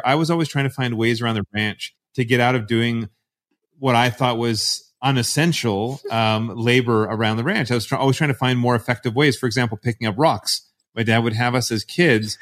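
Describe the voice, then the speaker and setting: A man from Canada, a guest in a podcast interview, telling stories in a relaxed way with many fillers. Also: mid-range voice, a little fast. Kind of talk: casual interview chat.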